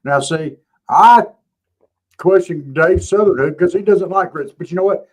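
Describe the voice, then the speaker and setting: A man's voice: high voice, a little slow, rough recording. A man, co-hosting a casual chat show and telling laid-back, joking stories. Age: 50s. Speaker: show co-host.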